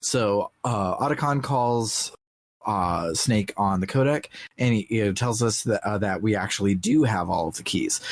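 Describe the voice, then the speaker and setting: A man with a fairly low voice who speaks bluntly and jokes easily. His voice is recorded dry and close, with no room sound around it. He keeps a laid-back, casual chat tone. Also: a little slow, no room sound. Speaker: podcast co-host.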